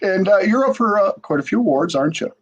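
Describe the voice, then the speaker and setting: A man's voice: high voice, lively intonation, fast, husky. A man hosting a podcast interview with enthusiastic, hyped promotional delivery, talking over a video call. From Michigan. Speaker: podcast host.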